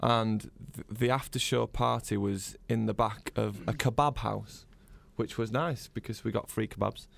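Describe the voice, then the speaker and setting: Northern English male band guest, low and gravelly, rambling storyteller. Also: fairly even intonation, moderate pace, hardly any pauses. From northern England. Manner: chatty storyteller, rambling with many restarts. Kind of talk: casual interview chat.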